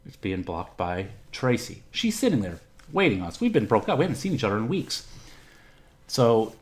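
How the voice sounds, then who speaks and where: A middle-aged Texan man hosts a podcast, telling a personal story in a candid, profane, rambling style. His voice is on the low side and sing-song, at a moderate pace.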